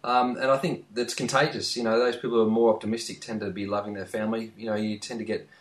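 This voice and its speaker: A man's voice: fairly low pitch, little pitch movement, quick pace, roomy sound. A man, chatting earnestly as a podcast co-host. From Australia. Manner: earnest, emphatic, repeats phrases. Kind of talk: casual podcast chat.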